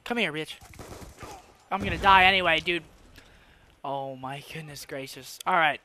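A young man giving casual commentary over his own gameplay, excitable, swearing a lot and laughing between rants. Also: on the high side, normal speed, slight background noise. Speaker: gaming YouTuber.

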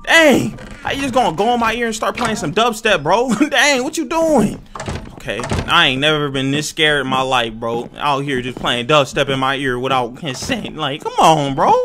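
A young man giving jumpy, excitable, slang-filled commentary while playing a horror game and talking to his viewers. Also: on the high side, normal speed, background noise. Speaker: gaming YouTuber.

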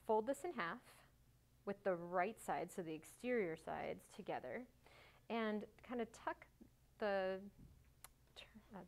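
A woman hosting a sewing tutorial, talking casually and cheerfully through each step, joking at herself and breaking into little bursts of excitement. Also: mid-range voice, vocal fry. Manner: chatty, self-mocking, bursts of excitement.

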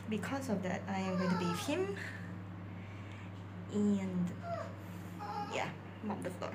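A woman's voice: medium pitch, lively intonation, a little slow. A young woman vlogging casually at home on her phone, chatting and coaxing her dog in playful baby talk. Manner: playful sing-song baby talk to a pet. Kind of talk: casual vlog chat and talking to her dog. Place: home bathroom and bedroom, indoors. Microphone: phone camera. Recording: phone recording with clear background noise.

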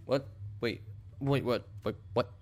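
A man's voice: medium pitch, takes it slowly, very noisy. A man doing livestream commentary on a horror game, with startled, jumpy exclamations and enthusiastic reactions. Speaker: streamer.

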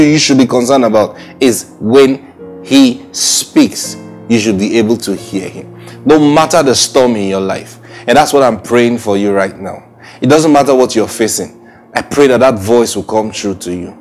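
A man's voice: medium pitch, animated, normal speed, a little mellow, soft background music. A middle-aged man preaching an earnest weekly sermon, often repeating praise phrases and restarting his sentences. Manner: frequent restarts and stammers.

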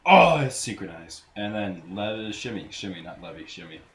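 A man's voice: fairly low pitch, very animated, normal speed. Crude, swearing male gamer commentating. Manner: crude, swearing, sudden loud outbursts. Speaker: let's play gamer. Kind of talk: casual gameplay commentary. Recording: roomy echo, faint noise.

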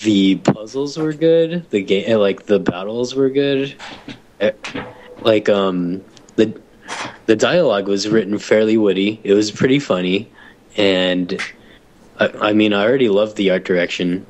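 A man's voice: fairly low pitch, measured pace, darkish tone, a little hiss or hum, low-quality recording. A young man co-hosting a casual gaming podcast, blunt and profane, ranting with frequent restarts. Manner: blunt, swears freely, rants with restarts. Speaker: podcast co-host.

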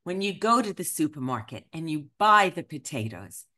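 A woman voicing a grown daughter who patiently coaxes her mother with gentle leading questions. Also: low voice, big pitch swings, moderate pace, pitched below the performer's own voice, full character voice. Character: adult daughter, patient and coaxing.

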